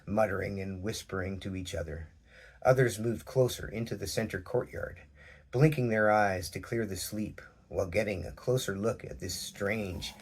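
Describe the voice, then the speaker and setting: A man reading a children's story aloud in a gentle, measured way. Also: fairly low pitch, slightly rough. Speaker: narrator. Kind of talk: storybook narration.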